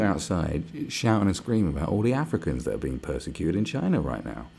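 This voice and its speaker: A man's voice: deep voice, sing-song, fairly quick, creaky, a little mellow, breathy edge. A man ranting to camera, sarcastic and mocking, swearing a lot. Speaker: vlogger. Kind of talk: angry profane rant.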